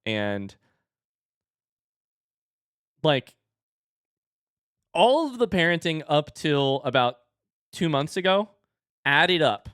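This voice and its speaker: A man in his thirties chatting casually with his live-stream audience in an animated way. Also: fairly high pitch, takes it slowly, long pauses, smooth, dry recording, clean studio sound. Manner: chatty and animated, baby-talks his dogs.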